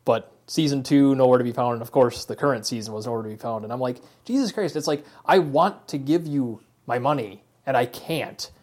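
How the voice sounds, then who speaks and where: A man's voice: mid-range voice, brisk, few pauses, a little mellow. A man in his thirties co-hosting a podcast, telling a rambling story in casual chat with lots of fillers. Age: 30s. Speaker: podcast co-host.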